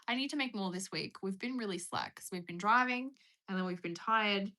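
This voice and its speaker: Speaking fairly quickly in a medium-pitched, pushed, bright voice, a young Australian woman hosts a casual livestream. She chats in a rambling, self-mocking way between reading viewer comments.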